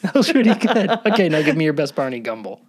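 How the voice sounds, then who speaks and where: A man's voice: a little high, very animated, fast talker. A man co-hosting a podcast in casual chat, chatty and playful. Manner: chatty, playful, does voices. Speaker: podcast co-host.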